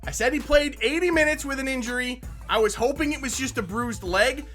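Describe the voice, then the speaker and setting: A man commentating his own football video game match, muttering in frustration and shouting out at goals and bad calls. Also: very high-pitched, fairly quick, faint music behind. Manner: frustrated muttering between outbursts. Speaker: gaming YouTuber. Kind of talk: live gameplay commentary.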